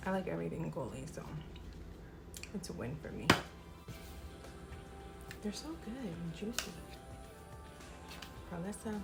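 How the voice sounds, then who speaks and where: Chatty, tired mom vlogging over music. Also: female voice, fairly low pitch, very animated, measured pace, vocal fry, pauses often. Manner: chatty, upbeat, talks straight to camera. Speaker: vlogger, mother of four. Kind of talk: casual vlog chat.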